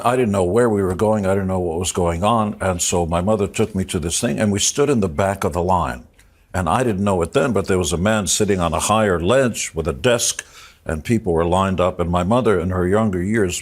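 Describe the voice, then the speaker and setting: A man with a very deep, husky voice recounts a personal memory on a TV interview set. His delivery is reflective and halting, with moments where he gets choked up. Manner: reflective, halting, moved to tears at times. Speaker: interview guest. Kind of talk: emotional personal storytelling.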